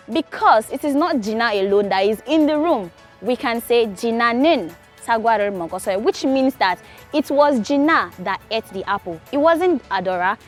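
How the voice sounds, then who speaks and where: A young woman from Nigeria teaching Korean grammar in a casual, patient way, repeating key points slowly. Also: fairly high pitch. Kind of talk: casual explanatory lesson.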